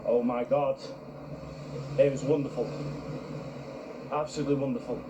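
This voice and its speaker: A man tells a travel story to his camera in an earnest, reflective way. His voice sits at an ordinary middle pitch. The sound is roomy and open, with clear outdoor noise underneath. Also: level tone, moderate pace. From United Kingdom. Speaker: travel vlogger. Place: outdoors in a park.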